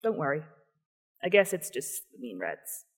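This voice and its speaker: A woman reading as a flat, guarded young woman. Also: sits low, moderate pace, husky, in a large hall, heavily acted. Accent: attempted Canadian. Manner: flat, subdued. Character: withdrawn young woman hiding a secret.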